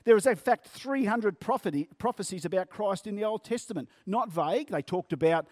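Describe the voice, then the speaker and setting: High-voiced man preaching in measured tones. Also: expressive, darkish tone, no room sound, studio quality. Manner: measured, stretching key words for emphasis. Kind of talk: sermon.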